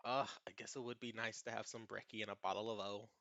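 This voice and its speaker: A man's voice: mid-range voice, lively intonation, unhurried, sharp tone, no echo. A man voicing a grumpy young male student who hides away from the others, with a put-on Australian accent and a begrudging, grumbling way of talking.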